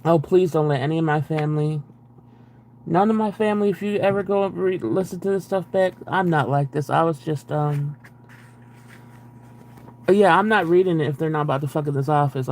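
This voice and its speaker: A man's voice: on the high side, steady tone, brisk, darkish tone. Profane, exasperated man reading aloud. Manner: profane, exasperated, sarcastic asides between read passages. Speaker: streamer reading a book aloud. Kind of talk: live-stream book reading with running commentary.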